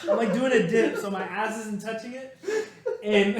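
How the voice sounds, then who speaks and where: A young man with a fairly high voice tells a rowdy story to friends, swearing freely and acting out noises. He sounds off-mic in a very echoey room. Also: a little slow, recorded from a distance, a crowd in the background. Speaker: podcast co-host. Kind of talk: casual storytelling among friends.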